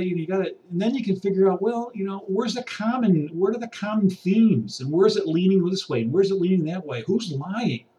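A man's voice: high-pitched, darkish tone. A man in an exasperated, preachy rant to camera, pacing around a room and swinging between muttering and raised outbursts. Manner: paces about while talking. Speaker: vlogger. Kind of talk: ranting monologue to camera. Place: indoor room. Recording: voice distant from the mic.

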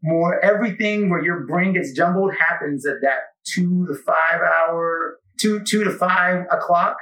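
A man's voice: sits high, unhurried. A man, a podcast host taking guest questions, chatting casually and rambling with lots of asides. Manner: rambling, animated storytelling with many asides. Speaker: podcast host being interviewed. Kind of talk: casual conversation. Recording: echoey room, mic at a distance.

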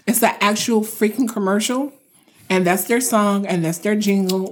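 Female podcast co-host, mid-pitched voice, casual and teasing. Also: normal speed. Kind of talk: casual chat.

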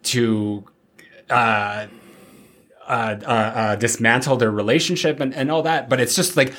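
A man's voice: mid-range voice, fairly even intonation, measured pace, fairly bright tone. A man co-hosting a podcast, chatting casually, thinking aloud with frequent restarts and fillers. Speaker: podcast co-host. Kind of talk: casual chat.

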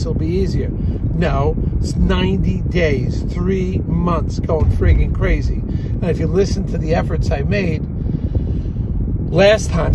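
A man hosting a podcast, talking casually and excitably from a car, rambling and restarting his sentences. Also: on the high side. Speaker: podcast host, practice broker. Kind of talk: casual monologue. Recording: loud car and wind noise. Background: road and wind noise.

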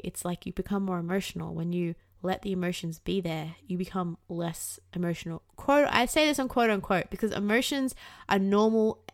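A woman's voice: mid-range voice, no echo, clean studio sound. A woman in her thirties hosting a casual self-help podcast, talking candidly and animatedly and swearing freely. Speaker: podcast host.

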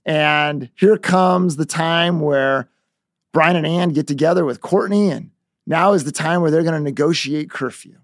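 A man coaching on negotiation through an animated story told as a lesson. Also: a little high, a little slow, dry recording, studio quality.

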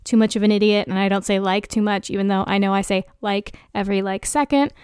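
A woman's voice: medium pitch, steady tone, quick pace, a little mellow, clear, resonant tone, no echo, clean studio sound. A young adult woman hosting a solo podcast in a candid, self-deprecating style, acting out the dialogue she quotes. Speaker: podcast host. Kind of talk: casual solo podcast monologue.

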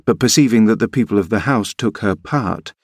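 Guy reading an old novel aloud, lowish voice, dead dry room. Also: dry recording. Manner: measured storytelling. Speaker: narrator. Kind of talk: audiobook reading.

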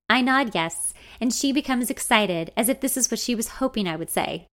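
A woman narrating a first-person novel in an even, wry storytelling manner. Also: mid-range voice, normal speed, few pauses. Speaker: audiobook narrator.

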